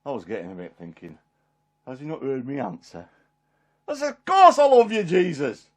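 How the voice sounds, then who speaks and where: A man brings the apostle Peter to life as a homely, warm-hearted, middle-aged fisherman in a rambling, chuckling one-man Bible monologue. His medium-pitched voice is very animated and warm with a breathy edge, at normal speed.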